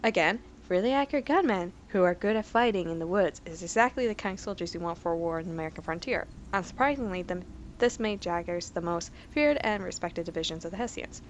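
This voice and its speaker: A woman's voice: on the low side, fast talker, muffled recording, a little hiss or hum. A woman doing casual let's play commentary, reading game entries aloud in a chatty, self-correcting way with giggly asides.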